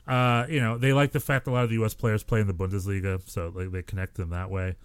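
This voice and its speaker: Animated American man, dry close sound. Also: fairly low pitch, quick pace, clean tone, dry recording. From United States. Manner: animated storyteller, acts out quotes. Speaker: podcast co-host. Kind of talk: casual chat.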